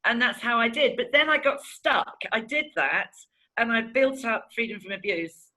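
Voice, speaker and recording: Middle-aged woman, bright forceful voice, frank emotional testimony, mimics people she quotes. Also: medium pitch, poor audio. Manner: candid and animated, acts out past conversations. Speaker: interviewee giving a testimonial.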